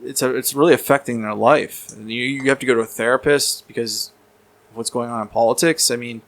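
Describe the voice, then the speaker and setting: A man's voice: medium pitch, fairly even intonation, fairly quick, fairly bright tone. A man telling a personal story in casual podcast talk, rambling and repeating words, with casual swearing. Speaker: podcast guest.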